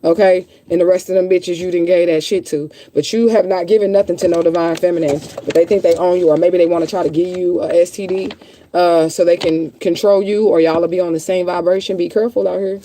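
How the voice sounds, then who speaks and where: A woman's voice: on the low side, steady tone, a little fast, mellow, a little hiss or hum. A woman reading tarot in a casual livestream chat, blunt, chatty and freely profane. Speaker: tarot reader.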